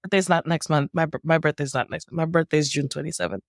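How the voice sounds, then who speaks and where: A woman's voice: low-pitched, fairly even intonation, fast, vocal fry, dry recording, clean studio sound. A young adult woman co-hosting a book podcast, gushing in casual chat and laughing often. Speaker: podcast co-host.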